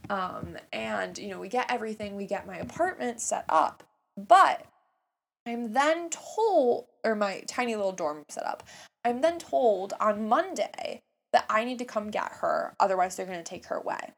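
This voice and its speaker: Young woman, gravelly voice, casual storytelling, animated, hushed asides then excited outbursts. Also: mid-range voice, moderate pace.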